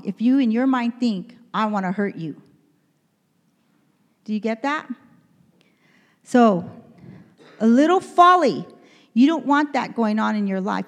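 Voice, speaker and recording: A woman's voice: fairly high pitch, a little mellow, in a large hall. A woman in her fifties preaching a sermon in a church, earnest and conversational, often asking the congregation questions. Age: 50s. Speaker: pastor.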